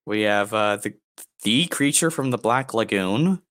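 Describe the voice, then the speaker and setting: A young man co-hosting a crude comedy podcast, rambling and joking with deadpan asides. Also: on the low side, measured pace, no echo, studio quality. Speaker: podcast co-host.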